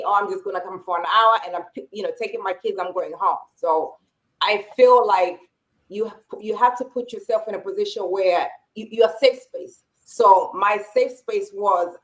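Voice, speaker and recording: A woman in her forties co-hosts a relaxed podcast conversation. She tells her own story openly in a middle-pitched voice and slips into the voices of people she quotes. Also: normal speed, low-quality recording. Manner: candid personal storytelling, acting out quoted remarks. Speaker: podcast co-host. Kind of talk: casual podcast chat.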